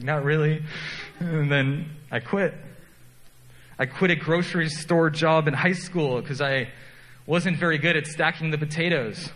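A man's voice: a little high, fairly bright tone, in a large hall, rough recording. A man preaching a sermon as pastor, telling self-deprecating stories in a conversational way.

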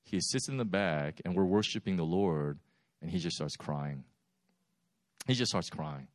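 A man preaching a sermon, telling stories in a lively, animated way with laughs. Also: deep voice, a little slow, no echo, studio quality. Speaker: pastor. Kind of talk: sermon storytelling.

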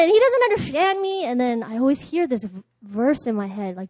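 A woman delivers a sermon, with a high voice heard dry and close. She tells personal stories, acts out both sides of conversations, and often laughs as she goes. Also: big pitch swings, fairly quick, hardly any pauses, darkish tone, no echo. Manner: storytelling, acting out dialogue, laughing often. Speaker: preacher. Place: church.

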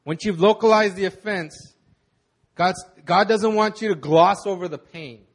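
Young male pastor, high voice, casual halting sermon, candid and personal. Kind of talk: conversational sermon.

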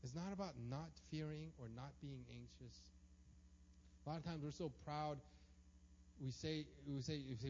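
A man's voice: on the high side, moderate pace, long pauses, darkish tone, slight background noise. A man preaching a sermon, emphatic and acting out the prayers and voices he quotes. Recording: dull lo-fi sound.

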